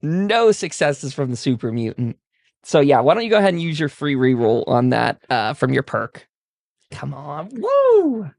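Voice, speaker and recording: A man narrating as game master of a tabletop game, relaxed with frequent fillers. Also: medium pitch, normal speed, vocal fry, dry recording. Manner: relaxed, many fillers, laughs while describing.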